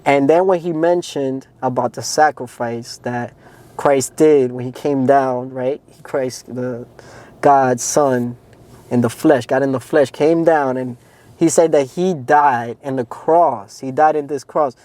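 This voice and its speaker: Speaking a little slowly in a medium-pitched, dark voice, a podcast co-host recounts his faith testimony. His storytelling is earnest and casual, full of "like" and "man."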